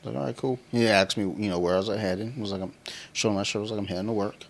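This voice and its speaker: A man's voice: fairly low pitch, steady tone, quick pace. A man in his thirties co-hosting a podcast, telling loose, profane stories in casual chat and laughing often. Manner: laughs often while talking. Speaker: podcast co-host.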